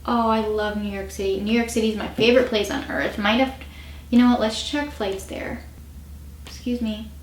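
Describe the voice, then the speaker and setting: A woman's voice: mid-range voice, fairly even intonation, normal speed, a little hiss or hum. A woman in her twenties vlogging in a chatty, self-mocking way and swearing freely. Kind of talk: casual chat to camera. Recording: roomy echo.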